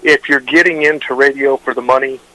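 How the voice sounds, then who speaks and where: A man in a casual interview, spinning long anecdotes about his radio show and stumbling into restarts as he goes. His voice is bright and forceful, and his pitch sits in the middle range. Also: fairly even intonation, a little fast, low-quality recording. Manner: rambling anecdotes with frequent restarts and fillers. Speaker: radio show host, guest.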